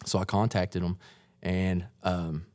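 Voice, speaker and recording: A high-energy man with a broad, chewy East Tennessee twang. He tells stories in a rush of casual talk and slips into voices for the people he quotes. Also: flat delivery, slow, a little mellow. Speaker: guest, musician. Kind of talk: casual chat.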